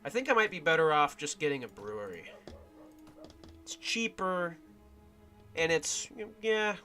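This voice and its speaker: Bright-voiced man musing over a game. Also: fairly high pitch, big pitch swings, measured pace, soft background music. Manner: musing aloud, trailing off and restarting. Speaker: streamer. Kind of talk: casual gaming commentary.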